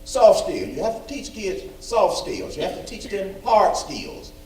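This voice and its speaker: A man's voice: sits high, unhurried, a little mellow, slight background noise. A man giving an emphatic, folksy report at a school board meeting, repeating phrases for stress. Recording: echoey room, far from mic.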